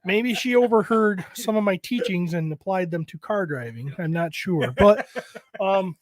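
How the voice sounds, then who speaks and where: A man's voice: sits high, normal speed, no room sound, clean studio sound. A middle-aged man hosting a podcast, telling a family story in a rambling, profane way and circling back with "so". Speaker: podcast host. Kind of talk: casual chat.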